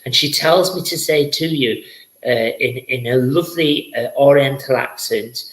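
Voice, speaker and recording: A man's voice: mid-range voice, normal speed, fairly bright tone, echoey room, rough recording. A man hosting a live-streamed spirit reading as a psychic medium, chatty and effusive, often repeating his words.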